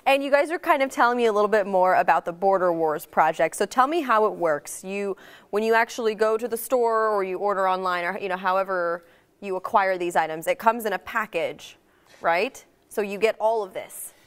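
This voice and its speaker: A woman's voice: mid-range voice, fairly quick, clear, resonant tone. A woman hosting a TV talk show, interviewing a band in an upbeat, chatty way. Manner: upbeat, chatty, laughs easily. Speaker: TV show host. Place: TV studio.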